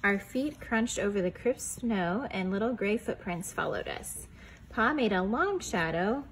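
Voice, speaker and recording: Over a rough recording, a young woman reads a picture book aloud to preschoolers, a little slowly and with animation. Her mid-range voice stays gentle, she stops for questions to the children, and she drops to a whisper on quiet lines.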